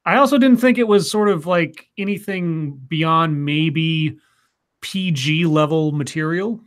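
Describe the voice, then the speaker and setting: A man co-hosting a casual news livestream, animated and stumbling over his words. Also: a little high, unhurried. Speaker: co-host.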